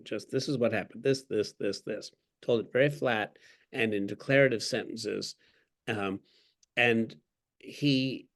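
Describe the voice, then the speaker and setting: Brief: male author guest, mid-pitched, wry and articulate, tells his points as stories. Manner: wry, articulate storyteller who acts out quotes. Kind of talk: conversational interview.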